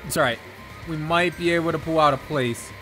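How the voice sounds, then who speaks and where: Young male streamer, slightly raised pitch, faint game music underneath; loose, profane, easily excited play-by-play. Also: fairly quick. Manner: excitable, swears a lot, laughs often. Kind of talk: casual gameplay commentary. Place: his bedroom.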